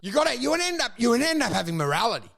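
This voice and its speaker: Man, podcast co-host, casual comedic chat, acts out bits, bright tense tone, lots of fry. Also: sing-song, racing. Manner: riffing, acts out absurd scenarios in shrill voices.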